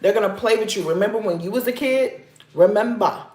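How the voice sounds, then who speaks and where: Woman, vlog host, emphatic, repetitive advice, mid-pitched voice, echoey home kitchen. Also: fairly quick, background noise. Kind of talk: casual advice talk to camera. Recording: roomy echoey room.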